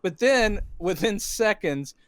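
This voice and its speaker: A man co-hosting a casual podcast, recounting a movie's plot at length and acting out the characters' lines in quick asides. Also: sits high, animated, a bit bright, no room sound, studio quality. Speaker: podcast co-host. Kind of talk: casual movie recap chat.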